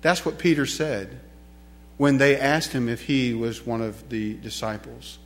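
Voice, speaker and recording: A man's voice: medium pitch, fairly even intonation, a little slow. A man preaching a sermon in a church, emphatic and repetitive, asking the congregation rhetorical questions. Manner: emphatic, repeats key phrases, asks rhetorical questions.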